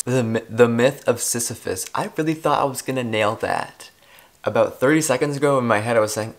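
A man's voice: mid-range voice, a little fast. A man vlogging in a rambling, self-deprecating casual chat, cursing freely as he goes. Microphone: clip-on or desk mic.

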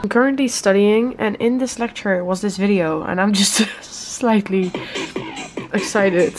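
A woman's voice: mid-range voice, unhurried, over music. A young woman talking casually to her camera as a vlogger, chatty and self-deprecating with frequent giggles. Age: young adult. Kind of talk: casual vlog chat.

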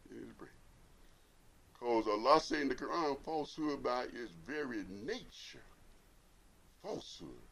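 A man with a gravelly, medium-pitched voice delivers a Friday sermon as imam. He repeats lines emphatically and poses rhetorical questions, swinging between hushed and loud before rising to a forceful pitch.

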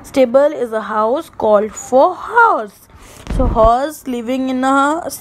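A woman with an Indian English accent, teaching an online class to young children in a slow, sing-song way. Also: high voice, animated, low-quality recording. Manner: slow, sing-song, mimics animal sounds for kids.

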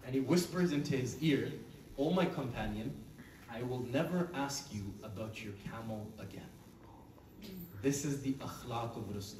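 A man teaching a group of children, telling a story in a lively, playful way and dropping to a hush for quoted lines. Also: on the high side. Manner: animated, playful, acts out quotes in a hushed voice. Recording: echoey room, from a distance, with noise.

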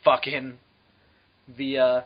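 A young man co-hosting a podcast, excitable and profane, with lots of fillers. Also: medium pitch, slow. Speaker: podcast co-host. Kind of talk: casual chat. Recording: dull lo-fi podcast audio.

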